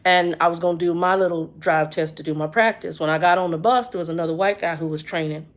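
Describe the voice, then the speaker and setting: A woman's voice: lowish voice, fast. A woman, telling a story in a casual, chatty vlog. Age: 50s. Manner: animated, chatty storytelling with lots of reported speech. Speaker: vlogger.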